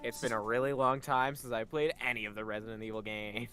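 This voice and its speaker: A young man co-hosting a livestream, animated and teasing, swearing freely. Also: medium pitch, quick pace, soft background music. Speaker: co-host. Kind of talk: casual livestream banter.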